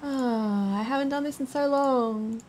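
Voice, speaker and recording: High-pitched woman streamer, playful, laughs a lot, chats while gaming. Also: a little slow, darkish tone, a little hiss or hum. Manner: playful, sings along, laughs often. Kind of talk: casual chat while gaming.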